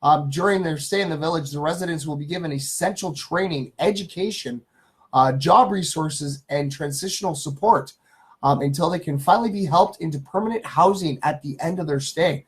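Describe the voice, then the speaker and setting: A man's voice: on the high side, moderate pace. A man hosting a live stream, casually reading good-news stories aloud and greeting viewers in the chat, with many ums and uhs.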